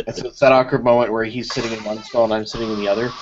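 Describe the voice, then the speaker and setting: A man's voice: medium pitch, very fast. A man hosting a casual live chat with friends, telling stories with playful asides. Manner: animated storyteller, playful asides. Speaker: podcast host. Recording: dull lo-fi mic with steady hiss.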